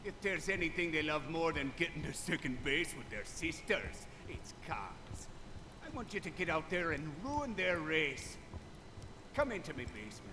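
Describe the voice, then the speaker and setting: An actor playing a gruff, hot-tempered male crime boss in a video game, with an Irish accent and blustering, profane talk. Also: fairly high pitch, big pitch swings, normal speed, background noise. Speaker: game character.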